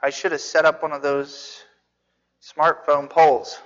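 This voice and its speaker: A preacher giving a sermon, telling the story with animated asides, rhetorical questions and jokes. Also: medium pitch, a little slow. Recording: dull reverberant hall recording.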